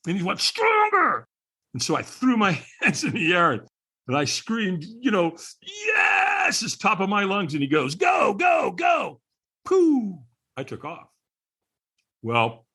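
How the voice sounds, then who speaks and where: A podcast guest spins a story with real animation, his pitch leaping up and down as he acts out the people in it. His voice sits a bit high for a man, with a husky edge to it. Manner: lively storyteller who acts out quoted people.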